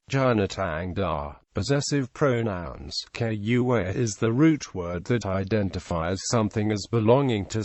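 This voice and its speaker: Slow, lively synthetic male narrator. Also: fairly low pitch, no echo. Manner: steady reading of word lists and example phrases. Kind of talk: reading a wiki article on grammar aloud.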